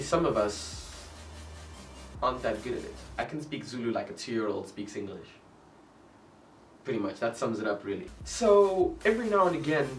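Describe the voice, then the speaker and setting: A young man from Africa, rambling through a comedic vlog rant full of "like" and asides. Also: medium pitch. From South Africa. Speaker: vlogger. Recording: roomy sound from a distance. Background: faint music.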